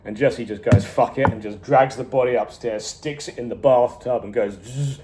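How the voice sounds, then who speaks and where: A man casually reviewing a TV series, retelling scenes with animated energy, frequent chuckles and swearing. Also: medium pitch, moderate pace. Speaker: TV show reviewer.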